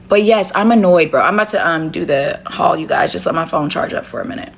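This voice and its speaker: A woman's voice: lowish voice, fast talker, creaky, hardly any pauses, faint music behind. Blunt, profane woman live-streaming from home. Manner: blunt, profane, talks straight to viewers. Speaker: livestream host. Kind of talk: casual livestream chat.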